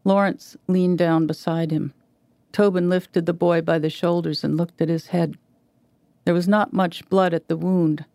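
A woman reading a literary short story aloud in a measured, even way. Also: lowish voice, no echo. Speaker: reader.

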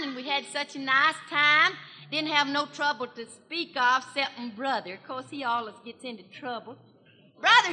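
A woman playing Minnie Pearl, shrill country gossip gal. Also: bright, forceful tone, full character voice. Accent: Southern US rural. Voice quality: folksy, gushing, breathless storytelling. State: has a cold. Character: chatty small-town country gossip gal, young woman. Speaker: comedian. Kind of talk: 1940s radio comedy monologue. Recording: reverberant 1940s radio broadcast from a hall.

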